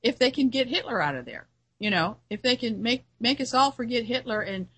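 A woman's voice: on the high side, animated, a little fast, fairly bright tone, slightly rough, poor audio. A woman who hosts a radio show, giving an earnest solo commentary in a musing way, often restarting her sentences.

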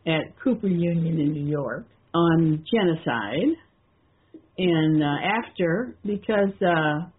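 An older woman hosting a call-in radio talk, rambling and halting with many restarts and fillers. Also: lowish voice, slightly rough. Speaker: radio show host. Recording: tinny phone-line sound.

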